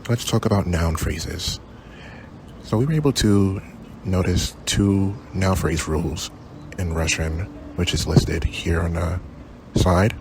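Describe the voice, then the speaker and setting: Deep gravelly man presenting slides. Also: background noise. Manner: halting, filler-heavy, unsure with foreign words. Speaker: student presenter. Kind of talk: class project slide presentation.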